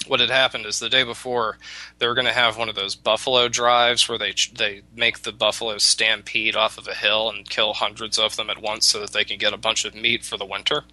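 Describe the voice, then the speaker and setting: A man retells a folk tale on talk radio, loose and rambling. His voice is low and very bright. The sound is dry and close. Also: little pitch movement, normal speed, no room sound, rough recording. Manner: rambling with many restarts. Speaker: radio show talker. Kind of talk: casual storytelling on talk radio.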